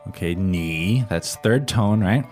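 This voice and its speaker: Guy co-hosting a chinese lesson, keeps asking "right?", soft music behind. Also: low voice, slow. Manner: prompts with questions, often ends with "right?". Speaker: co-host, learner's voice. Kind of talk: scripted language-lesson podcast. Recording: faint music bed.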